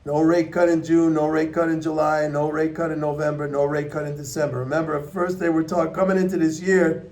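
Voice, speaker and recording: A man's voice: a little high, little pitch movement, a little fast, a little mellow. A man giving blunt, emphatic, unscripted market commentary to his viewers, often repeating points for stress. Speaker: economics commentator.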